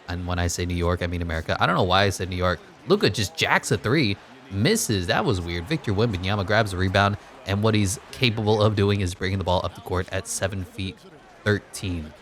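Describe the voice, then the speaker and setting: A young man giving casual, joking play-by-play commentary on a basketball video game, rattling off player stats. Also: on the low side. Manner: jokey play-by-play with quick stat rundowns. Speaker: gaming YouTuber.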